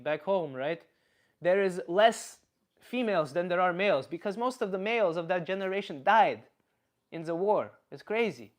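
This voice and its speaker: A man from Canada, chatting casually and profanely on a live stream and reading viewers' messages aloud. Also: high voice. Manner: rambling, profane, reads chat aloud. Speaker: comedian streamer.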